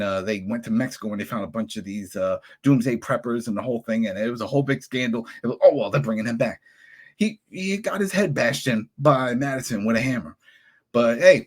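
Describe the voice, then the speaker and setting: A man hosts a podcast in a heated rant, his voice huskier than most. His pitch leaps wildly up and down as he works himself up. He sounds angry and fired up throughout. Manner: angry, animated ranting with sudden pitch jumps. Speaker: podcast host.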